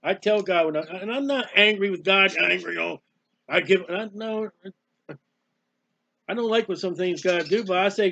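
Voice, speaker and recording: Emotional man with a high bright voice. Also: creaky, highs cut off. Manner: emotional, halting, cries out in prayer. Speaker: preacher. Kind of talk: personal devotional talk.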